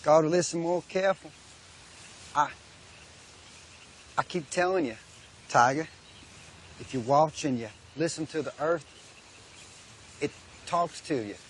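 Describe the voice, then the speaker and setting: A man doing a patient simple country dad, drawl, gentle plain speech, slightly high voice. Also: slight background noise, close to an everyday voice. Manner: simple, gentle, slow explaining. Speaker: father.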